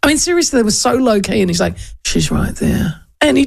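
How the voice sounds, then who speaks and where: A woman with a New Zealand accent, a radio host telling a chatty, animated story and putting on voices for the people in it. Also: on the high side, a little fast, vocal fry, breathy edge. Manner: animated, chatty, acts out voices in her stories. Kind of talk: casual storytelling chat.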